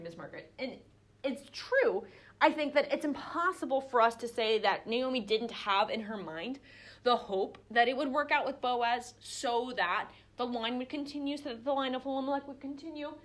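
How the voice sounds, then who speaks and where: Young woman leading a bible study, kinda high voice, chatty with lots of ums and restarts. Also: normal speed, fairly bright tone. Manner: conversational, acts out quoted voices, many fillers and restarts. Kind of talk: teaching a small group class.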